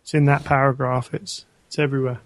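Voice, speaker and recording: A man chats about a novel on a podcast in a wry, halting way, circling back over his words. His middle-pitched voice sounds close and dry. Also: level tone, no echo. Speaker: podcast co-host. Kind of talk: casual book discussion.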